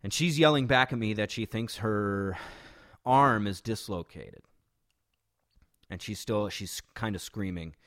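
A man's voice: on the low side, unhurried, long pauses, fairly bright tone. A man recounting a shocking street incident in a casual, conversational way, often restarting and adding "right?" asides. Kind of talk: personal storytelling.

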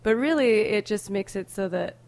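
A woman guest in a casual interview, easygoing and quick to laugh, talking with a cold. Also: mid-range voice, animated, vocal fry, a little mellow. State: has a cold. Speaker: guest, music editor and band member.

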